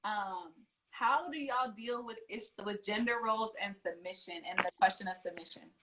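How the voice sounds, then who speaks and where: A woman's voice: mid-range voice, moderate pace, fairly bright tone, low-quality recording. A young woman hosting a casual interview, chatty and reflective, often saying "you know" and "like". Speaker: podcast host.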